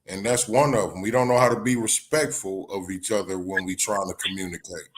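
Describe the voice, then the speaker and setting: A man co-hosting a live talk stream, chiming in with measured remarks. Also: deep voice, fairly even intonation. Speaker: podcast co-host. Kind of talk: casual talk.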